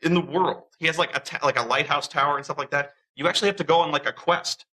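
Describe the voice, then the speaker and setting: A man tells a story in a casual, animated way, acting out the voices of the people he quotes. His voice is very bright, and he often restarts his sentences. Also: on the high side, quick pace, breathy edge, rough recording. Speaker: interviewee.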